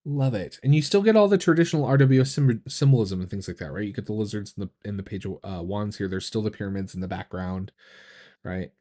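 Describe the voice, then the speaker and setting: A man with a lowish voice hosts a casual live stream, talking in a loose, meandering way. He restarts his sentences often and fills gaps with little hesitations. His tone stays keen and appreciative as he goes. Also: fast talker. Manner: relaxed, rambling, full of fillers and restarts; enthusiastic about what he shows. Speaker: tarot reader and channel host.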